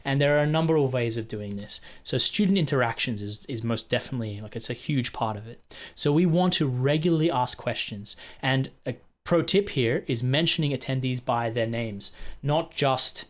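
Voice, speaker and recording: A man's voice: mid-range voice, moderate pace. A man teaching fellow instructors in a casual, chatty screen-share walkthrough, often checking in with "right?", recorded on a computer mic. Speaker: technical instructor training other instructors.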